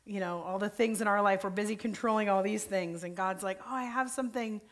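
A woman's voice: medium pitch, steady tone, fairly quick. Candid, chatty woman pastor. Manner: candid, informal, uses "like" and "you know" often. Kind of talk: conversational faith talk.

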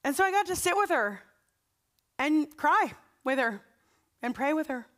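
A woman's voice: high-pitched, unhurried. A woman pastor preaching a sermon, telling personal stories in a conversational, earnest way before leading a prayer. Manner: conversational storytelling, earnest and animated.

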